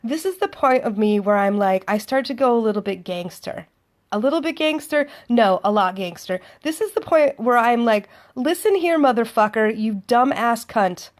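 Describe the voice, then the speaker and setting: A woman's voice: a little high, animated, normal speed. A woman telling a dating story in a chatty, sardonic monologue, acting out both sides of the conversation. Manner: chatty, sardonic, acts out dialogue. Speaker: vlogger.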